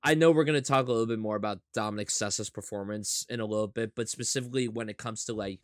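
A man's voice: fairly low pitch, fast talker, no room sound, studio quality. A man appearing as a podcast guest, talking enthusiastically and animatedly about scenes he loved. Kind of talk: casual chat.

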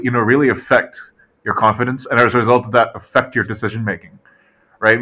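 A man co-hosting a casual sports podcast, animated and full of fillers and "right?" tag questions. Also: mid-range voice. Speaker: podcast co-host.

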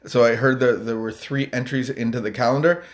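A man co-hosting a casual morning live stream. He rambles and jokes, chuckling now and then in a mid-pitched voice. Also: fairly even intonation, fairly quick. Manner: rambling, jokey, chuckles often.

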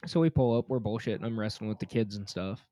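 A man's voice: on the low side, quick pace, mellow, dry recording, studio quality. A man co-hosting a podcast, telling crude stories in a casual chat, swearing freely and laughing as he goes. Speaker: podcast co-host.

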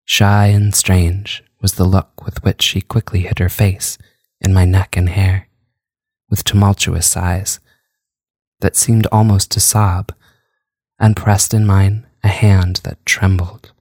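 A man reading a classic novel aloud as an audiobook narrator, with a measured, unhurried delivery. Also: low-pitched, little pitch movement, a little mellow, no echo, clean studio sound. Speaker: audiobook reader.

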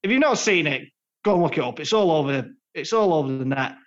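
Lively man on a dull line. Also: fairly high pitch, fast talker. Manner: sarcastic, lively banter. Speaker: podcast co-host. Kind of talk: casual football podcast chat. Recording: dull lo-fi sound.

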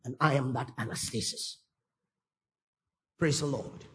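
A man's voice: mid-range voice, unhurried. A male pastor preaching a sermon emphatically, often exclaiming praise and checking that listeners follow.

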